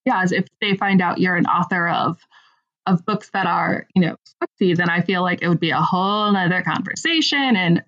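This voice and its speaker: A woman with a slightly low voice speaks in a thoughtful, agreeable way. Her sound comes through a dull, lo-fi line. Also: moderate pace, fairly bright tone. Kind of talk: casual podcast chat.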